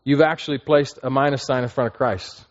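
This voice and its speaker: A man's voice: medium pitch, steady tone, brisk, lo-fi sound. A man preaching a sermon in a conversational way, often checking in with his listeners. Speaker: pastor.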